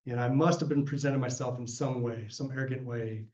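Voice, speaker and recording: A fast-talking man of medium pitch tells work anecdotes in a lecture-room Q&A, acting out quoted voices with animation and frequent restarts. His guest lecture was captured in a roomy, dull recording.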